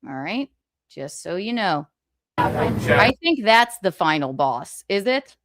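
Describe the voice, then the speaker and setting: A woman's voice: medium pitch, big pitch swings, slow, very noisy. A woman hosting a livestream, ranting in casual chat, profane, indignant and mocking, laughing often. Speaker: livestream host.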